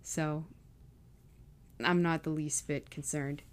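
A woman's voice: deep voice, flat delivery, slow. A young woman vlogging casually about leaving home, emotional and close to tears, with many fillers. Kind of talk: casual personal vlog.

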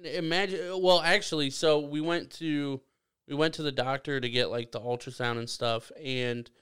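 A man's voice: a little high, fairly even intonation, moderate pace, fairly bright tone, clear, resonant tone. Rambling casual male podcast host. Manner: rambling, self-correcting, joking.

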